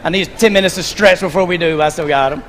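A man preaching a sermon from a church stage, animated and playful as he directs volunteers through a scene. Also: high voice, quick pace, slight background noise. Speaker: pastor. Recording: long reverb of a large sanctuary.

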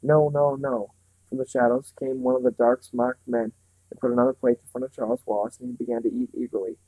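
Man reading a novel aloud, mellow. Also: medium pitch, little pitch movement, quick pace, dry recording, low-quality recording. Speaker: reader.

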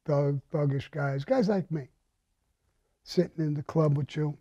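A tough man tells a gritty story in a blunt, menacing, heavily profane way. His voice sits a little high yet sounds dark and mellow, captured dry and dull on a lo-fi recording. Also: unhurried, no room sound. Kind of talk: recounting a crime story.

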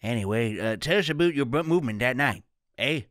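A man's voice: on the low side, lively intonation, a little fast, a bit bright, no echo, clean studio sound. A man voicing an elderly, mildly bumbling male courtroom judge. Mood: formal. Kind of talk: reading game dialogue aloud.

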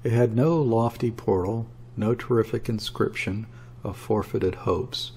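A man narrating a classic story in a measured, dramatic reading. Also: on the low side, steady tone, a little mellow, husky. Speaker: audiobook narrator.

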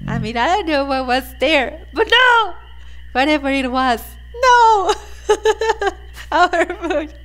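A woman's voice: high-pitched, expressive, measured pace. A woman hosting a let's play, chatting casually and giggling and gushing as she comments on the game. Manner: giggly and gushing, laughs often. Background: faint game music.

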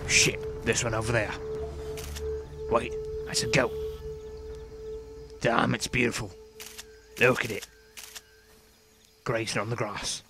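A man with a gravelly, rough-edged voice gives comedic in-character commentary on a video game. He swears nearly every line and often jumps into loud, startled outbursts. Music plays clearly underneath him. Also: medium pitch, takes it slowly, long pauses. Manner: swears constantly, sudden excited outbursts. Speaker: gameplay commentator.

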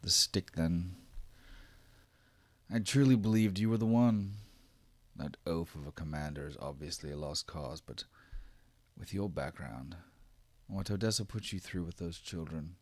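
A man voicing a cold, scheming official who speaks in quiet, measured threats. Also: deep voice, dry recording. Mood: menacing. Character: cold scheming male official, smooth menace.

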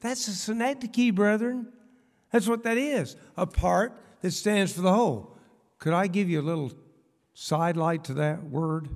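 A man's voice: high-pitched, measured pace. An older man preaching a sermon in a church, folksy, with rhetorical questions and humorous asides. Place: church sanctuary. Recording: long church reverb.

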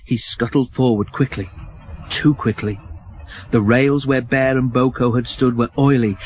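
A man narrating a children's storybook in an expressive, even reading. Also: medium pitch, a little slow, slight background noise, poor audio.

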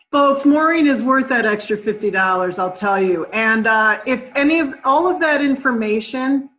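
A woman's voice: a little high, lively intonation, measured pace, pauses often, a bit bright, poor audio. A woman hosting a live online question-and-answer session over a video call, chatty and friendly, with some fillers. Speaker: host of an online conference preview. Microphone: computer mic on a video call.

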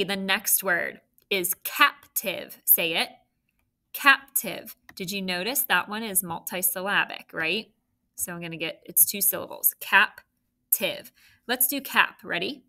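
A woman's voice: medium pitch, pushed and bright. A woman teaching a phonics lesson, patiently prompting the children and praising their answers.

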